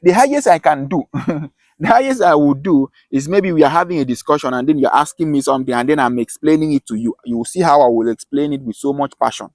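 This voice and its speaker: A self-styled teacher with a Nigerian Akwa Ibom accent delivers a passionate lesson, hammering home his points and frequently starting his phrases over. His mid-range voice is slightly mellow, and the recording is dry.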